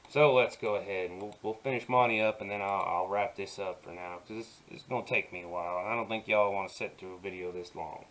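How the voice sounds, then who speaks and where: A man teaching digital painting in an easygoing, soft-spoken way, talking himself through each step in a put-on folksy drawl. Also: lowish voice, steady tone, fast, few pauses. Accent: put-on folksy drawl while working. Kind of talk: relaxed screen-recorded painting tutorial.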